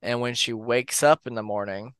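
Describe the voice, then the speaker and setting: A man co-hosting a podcast, telling urban legends in a relaxed, rambling way with fillers and restarts. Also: mid-range voice, normal speed, clear, resonant tone, no room sound. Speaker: podcast co-host. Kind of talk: casual storytelling of urban legends.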